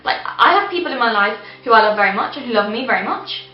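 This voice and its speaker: Woman, high voice, sarcastic, exasperated vlog rant; roomy, slightly dull sound. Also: animated, quick pace. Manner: exasperated, sarcastic, laughing rants. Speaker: book reviewer. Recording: roomy echo, slightly dull, faint music.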